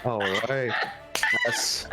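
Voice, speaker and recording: A man narrating as game master for a tabletop role-playing session, in a measured way with small slips. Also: raised voice, heavy background noise.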